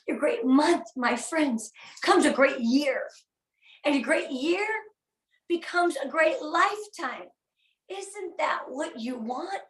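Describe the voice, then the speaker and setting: A middle-aged woman giving an earnest, upbeat motivational talk to a sales team and getting them to repeat phrases after her. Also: high voice. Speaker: guest speaker at a sales training. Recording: echoey room, voice a bit far from the mic.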